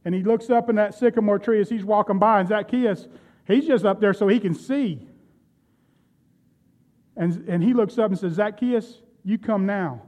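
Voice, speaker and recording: A man's voice: sits high, normal speed, pauses often, a little mellow. A man preaching a sermon, retelling Bible stories and speaking directly to his congregation. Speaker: pastor.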